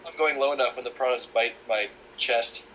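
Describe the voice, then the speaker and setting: A young man chatting casually, joking and halting, with many fillers. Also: medium pitch, fairly bright tone, slight background noise, low-quality recording. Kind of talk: casual chat.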